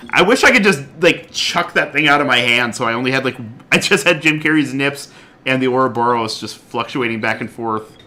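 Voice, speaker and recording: A man streaming a card game live, chatting excitedly, laughing often and swinging from loud outbursts to quiet muttering. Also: mid-range voice, fairly quick. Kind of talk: live gameplay commentary.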